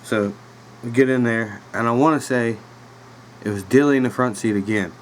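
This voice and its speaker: A man's voice: mid-range voice, moderate pace, slight background noise, poor audio. A man in his thirties with a Virginia accent, hosting a podcast and telling a story in a loose, rambling way with lots of fillers. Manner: laid-back rambling with fillers and laughs. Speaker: podcast host. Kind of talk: casual storytelling. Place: home room with a dog nearby.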